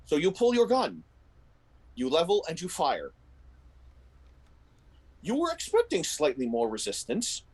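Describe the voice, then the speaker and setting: A man's voice: fairly high pitch, a little slow, pauses often, slightly rough, rough recording. A man narrating a tabletop role-playing game as game master, telling the scene in vivid detail. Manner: descriptive, animated storytelling with frequent restarts.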